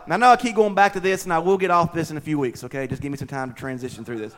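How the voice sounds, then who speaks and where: Male pastor, high-pitched, dynamic sermon delivery in a church. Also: fast talker, few pauses. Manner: preachy, swings between loud and hushed, acts out voices.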